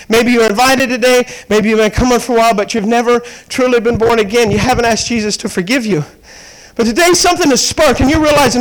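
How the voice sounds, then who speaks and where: Man, 30s, evangelist preacher, very high voice, storytelling sermon. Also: low-quality recording. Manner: storytelling, rising to fervent preaching. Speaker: traveling evangelist.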